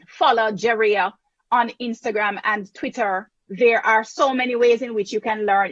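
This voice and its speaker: A woman who lectures at a university, moderating a panel discussion in a measured, emphatic way. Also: mid-range voice, husky, dry recording, dull audio.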